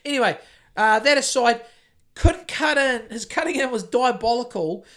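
A man's voice: very high-pitched, lively intonation, normal speed, bright, forceful tone. A man with a New Zealand accent, a house painter and podcast co-host, chatting casually in a rambling, sweary way with lots of restarts. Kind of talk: casual chat.

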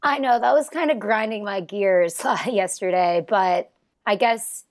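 A woman's voice: medium pitch, measured pace. A woman co-hosting a casual podcast, wry and sarcastic in her remarks. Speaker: podcast co-host.

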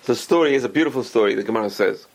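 A man's voice: medium pitch, very fast. A man telling a religious story with a moral lesson, acting out the characters' lines. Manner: animated, acts out characters' lines.

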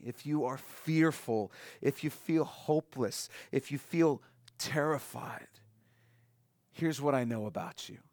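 A man preaching a sermon with earnest conviction. His pitch sits mid-range, and he slows and quiets down to land each key point. The sound is close and dry, with no room echo. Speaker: pastor.

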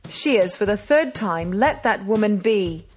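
A fierce, commanding gentleman thief, read by a woman in a storybook reading. His voice stays mid-range and even, with faint music somewhere behind. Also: mid-range voice, a little slow, close to an everyday voice. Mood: defiant. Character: hot-tempered master thief, grown man.

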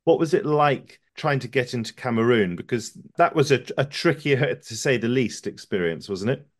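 A man's voice: medium pitch, lively intonation, normal speed. A man interviewing a traveller, asking polite questions and checking facts with tag questions.

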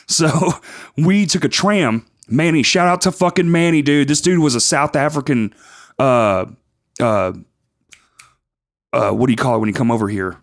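A man hosting a podcast, telling con stories in a profane, animated casual way. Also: medium pitch, moderate pace. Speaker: podcast host.

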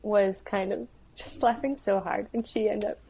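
A woman's voice: mid-range voice, fairly even intonation, moderate pace, vocal fry, dark tone, husky, rough recording. A young woman co-hosting a casual book-review podcast, effusive and giggly, with "like" peppering her speech. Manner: giggly, effusive, says "like" a lot. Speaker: podcast co-host.

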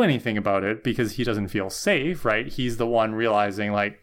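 Low-voiced tired man co-host. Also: normal speed, few pauses. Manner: thoughtful, tired, says "right?" and "like" a lot. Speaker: podcast co-host. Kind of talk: casual recap chat.

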